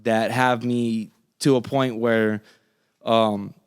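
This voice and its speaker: Casting: a Floridian man as a podcast guest, swearing freely and circling back mid-sentence, smooth voice, dry close mic. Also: mid-range voice, little pitch movement, slow, no echo. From Florida, USA. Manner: profane, rambling, frequent restarts. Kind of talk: casual interview chat.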